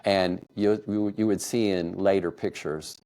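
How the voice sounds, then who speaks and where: A middle-aged man from Kansas telling a personal family story, emotional and laughing softly now and then. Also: low-pitched, fairly even intonation, unhurried. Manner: warm, emotional retelling with soft laughs. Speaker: podcast storyteller.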